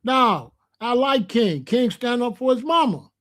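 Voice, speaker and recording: High-voiced man giving emphatic commentary. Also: expressive, measured pace, a bit bright. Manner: emphatic, repetitive, slangy, preachy. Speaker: rap commentator. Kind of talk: opinionated commentary vlog.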